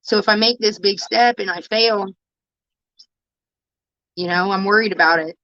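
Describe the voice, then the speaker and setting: A woman's voice: medium pitch, pushed and bright, dry recording. Lady talking raw to her stream, cussing a lot, dry muffled home mic. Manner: raw, emotional, swears constantly, halting restarts. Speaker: livestreamer. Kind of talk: candid livestream talk to viewers.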